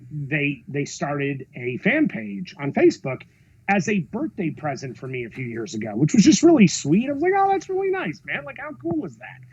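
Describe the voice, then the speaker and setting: A film director, a man, telling stories in a podcast interview, expressive, acting out quotes and swearing freely. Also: a little high, slightly rough, dull audio. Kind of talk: animated storytelling in a podcast interview.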